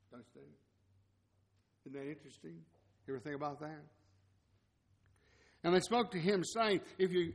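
A middle-aged man preaching a sermon, reading scripture aloud and then commenting in a conversational way, with quiet asides. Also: on the high side, in a large hall.

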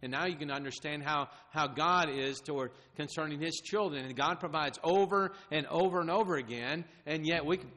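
A man preaching a sermon in an earnest, halting way, often repeating words and acting out the crowd's demands in quoted lines. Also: on the high side, sharp tone. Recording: long hall reverb.

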